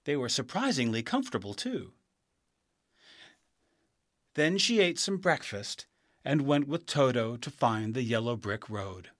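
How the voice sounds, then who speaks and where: A man reading a children's storybook aloud as narrator, slow, clear and expressive. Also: medium pitch, dry recording, clean studio sound.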